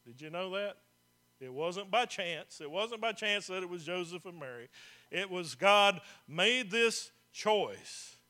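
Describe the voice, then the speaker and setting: A man's voice: high-pitched, expressive, measured pace, bright, forceful tone. A man preaching a sermon as pastor, talking to the congregation in a conversational way, asking them questions and repeating phrases for emphasis.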